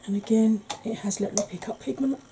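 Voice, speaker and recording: A woman explaining her makeup steps in a soft, chatty ASMR tutorial, often clearing her throat. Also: on the high side, fairly even intonation, brisk, a little hiss or hum, low-quality recording. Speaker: beauty vlogger.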